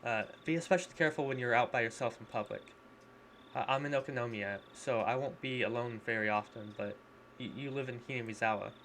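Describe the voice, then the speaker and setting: A man softly voicing a worried, polite teenage girl. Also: medium pitch, fast, slight background noise, natural voice. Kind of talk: reading a visual novel aloud.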